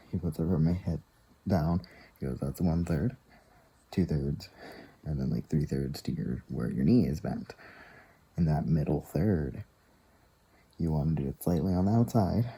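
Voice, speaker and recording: A man's voice: very deep voice, mellow, husky, poor audio. A man casually telling a long story to the camera, rambling and acting out what others said. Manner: rambling, retells dialogue with many "I'm like" and "he's like". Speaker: vlogger.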